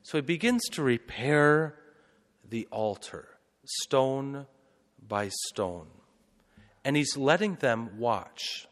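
A male priest retells a scripture story in a sermon, with chatty asides and frequent rhetorical questions. His voice sits at an everyday middle pitch. The sound carries a long reverb, as in a church. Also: animated, slow pace, long pauses, a bit bright.

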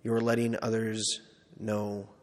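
A priest giving a casual, self-deprecating personal testimony, full of "like" and quoted asides. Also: male voice, on the low side, monotone, takes it slowly. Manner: conversational, self-deprecating storytelling with many "like"s. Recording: long hall reverb.

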